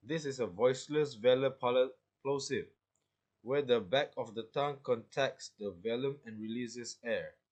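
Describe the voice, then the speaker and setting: A man's voice: mid-range voice, normal speed, a little mellow. A young man reading a prepared class presentation from a script, with occasional slips. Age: young adult. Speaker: student.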